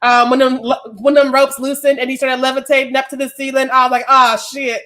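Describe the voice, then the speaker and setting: A woman's voice: high-pitched, level tone, fairly quick, bright, forceful tone. A woman co-hosting a casual podcast chat, blunt and profane in her opinions. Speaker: podcast co-host.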